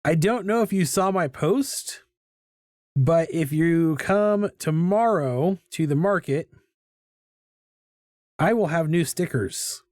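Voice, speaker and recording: A middle-aged man with a fairly high voice chats casually as he sketches, wandering from topic to topic and poking fun at himself. His sound is dry and close, with no room around it. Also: animated, slow, long pauses, a little mellow, no echo. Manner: rambling, self-mocking and chatty. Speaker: artist hosting a live drawing stream. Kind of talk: casual chat while drawing. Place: home art studio.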